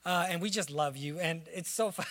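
Guy with a high bright voice, church farewell, preachy and choked up. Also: a little fast. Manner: preachy, declaring blessings, near tears. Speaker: church member giving a farewell tribute. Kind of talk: emotional church farewell speech. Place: church sanctuary.

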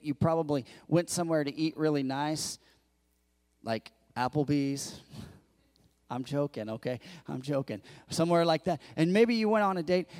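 Male pastor, fairly high voice, lively sermon delivery with acted-out quotes and jokes. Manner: animated preaching, acts out quotes in raised voice, jokes with congregation. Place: church.

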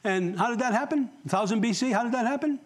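A man's voice: very high-pitched, fast talker, husky. A male pastor giving a conversational sermon in church, often asking the congregation questions and joking.

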